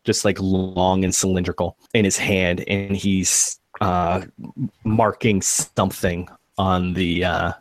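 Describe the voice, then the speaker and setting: A man's voice: low voice, flat delivery, slow pace. A man narrating as game master of a tabletop game, hesitant, with frequent fillers.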